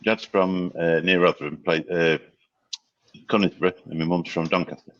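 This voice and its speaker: A man's voice: low-pitched, steady tone, moderate pace, fairly bright tone, no echo, lo-fi sound. A man with a Northern English accent with Yorkshire in it, teasing and chatting. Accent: Yorkshire-tinged Northern English. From Lincolnshire, England. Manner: teasing, apologetic. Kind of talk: casual live chat.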